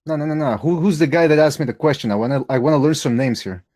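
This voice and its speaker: Fast-talking defensive man debating. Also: fairly high pitch, dark tone. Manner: fast, defensive, incredulous questions. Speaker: panelist. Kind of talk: heated livestream debate.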